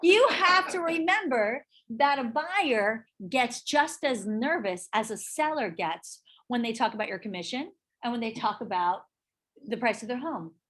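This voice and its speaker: High-voiced, husky woman trainer. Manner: animated, checks in with "right?" often. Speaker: real estate sales trainer. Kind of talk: live training talk to a class.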